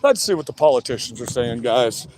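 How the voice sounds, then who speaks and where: A man's voice: mid-range voice, expressive, fairly quick, noisy background. A man hosting a livestream, ranting angrily and crudely in repetitive bursts of commentary. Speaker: livestream host.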